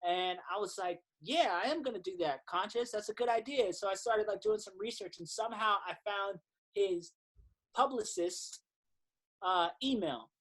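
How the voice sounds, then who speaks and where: Animated man telling stories. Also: high voice, normal speed. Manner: animated storyteller, acts out quotes, swears casually. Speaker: podcast guest, singer-songwriter. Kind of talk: casual storytelling interview.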